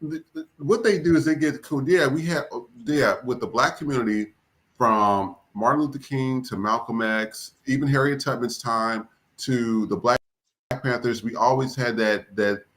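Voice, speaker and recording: A man's voice: medium pitch, normal speed, fairly bright tone. A man co-hosting a podcast, ranting in heated, casual, profane commentary with exasperation. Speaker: podcast co-host.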